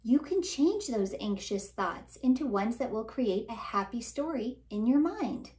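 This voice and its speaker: A woman voicing a kind, gentle female ladybug who speaks softly and encouragingly in a children's storybook. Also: fairly high pitch, expressive, unhurried, echoey room. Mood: gentle, caring. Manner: soft, caring, encouraging.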